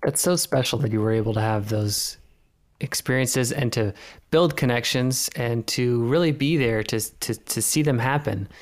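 A man's voice: mid-range voice, normal speed. A man in his twenties hosting a podcast, affirming his guest before he asks the next question. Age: 20s. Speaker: podcast host. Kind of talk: conversational podcast interview.

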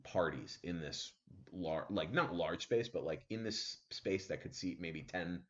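A man host telling a story casually, animated, with many fillers, acting out what people said. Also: sits low, measured pace. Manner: animated, full of fillers and acted-out quotes. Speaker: podcast host. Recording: dull lo-fi sound.

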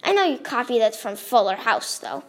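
A woman's voice: fairly high pitch, very animated, moderate pace, fairly bright tone. Sarcastic boy bully, as a woman reads him. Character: boastful teen boy bully, sarcastic and impatient.

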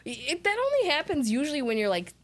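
A woman's voice: high voice, big pitch swings. A young woman, a new mother, chatting casually and teasing her friend in a playful, joking way. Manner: teasing, playful, quick to joke. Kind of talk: casual chat.

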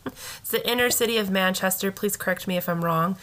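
A woman's voice: mid-range voice, brisk, fairly bright tone. An American woman co-hosting a casual true-crime podcast, rambling and hedging, with some swearing. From United States. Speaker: podcast co-host.

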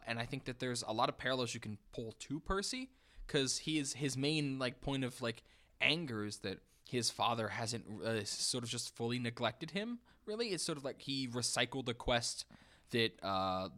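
A man co-hosting a podcast, talking thoughtfully through a book with frequent pauses to gather his thoughts. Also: mid-range voice, pushed and bright. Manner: thoughtful, hesitant, many fillers and restarts. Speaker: podcast co-host. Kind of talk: casual book discussion.

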